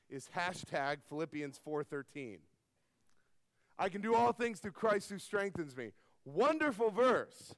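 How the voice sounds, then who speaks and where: Middle-aged male pastor, high pitch, emphatic sermon delivery, dry close sound. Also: smooth, dry recording. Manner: emphatic preaching that swings between loud stresses and soft asides.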